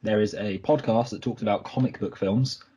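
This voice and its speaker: A man's voice: fairly low pitch, normal speed, dark tone, husky. A man co-hosting a film podcast, chatting casually and correcting himself as he rambles through stories. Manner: rambling, self-correcting storyteller. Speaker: podcast co-host.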